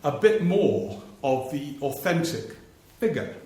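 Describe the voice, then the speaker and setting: A man's voice: a little high, expressive, takes it slowly, dark tone. A man, a political journalist, telling anecdotes in a live stage talk before an audience and mimicking politicians' voices for laughs. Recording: very echoey live theatre recording, faint noise.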